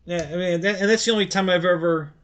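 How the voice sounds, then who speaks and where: Middle-aged male stream host, slightly high pitch, halting and rambling, chuckles often. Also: fairly even intonation, a bit bright. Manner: rambling, halting storyteller with many restarts; laughs easily while telling stories. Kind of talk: casual live-stream chat.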